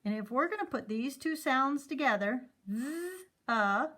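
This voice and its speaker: A woman teacher leading a phonics lesson for young students, sounding out letter sounds slowly and clearly and encouraging the children. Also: high voice, lively intonation, pushed and bright.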